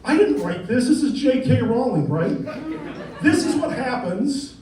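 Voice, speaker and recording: A man's voice: very high voice, big pitch swings, measured pace, warm tone. A middle-aged man doing stand-up comedy in a comedy club, rambling and conversational, often checking in with "right?". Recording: echoey room, distant mic, noisy.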